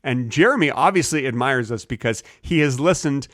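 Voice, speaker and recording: A man co-hosting a comedy podcast, riffing absurd bits with deadpan delivery. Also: fairly quick, no room sound, studio quality. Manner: deadpan absurd, animated pitch swings. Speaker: podcast co-host. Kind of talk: improvised comedy banter.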